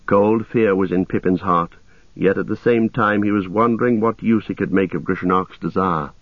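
A man narrating a story in a steady, measured reading voice. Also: deep voice, dry recording. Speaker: audiobook narrator. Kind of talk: scripted narration. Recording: tinny phone-like sound, dry.

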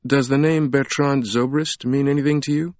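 A man's voice: mid-range voice, fairly even intonation, moderate pace, a little mellow, dry recording, dull audio, voice pushed up, lightly acted. A man voicing a blunt, forthright young woman in an audiobook, asking direct questions. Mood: probing. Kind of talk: audiobook character reading.

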